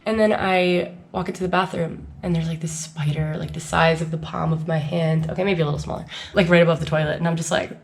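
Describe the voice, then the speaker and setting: A young woman from the United States tells her travel story to the camera at a rapid clip. Her voice sits a little low, and she talks in a loose, chatty way, acting out the lines of the people she met. Quiet music plays underneath. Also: vocal fry. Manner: chatty, animated, lots of "like" and acted-out quotes. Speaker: travel vlogger. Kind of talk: casual storytelling vlog.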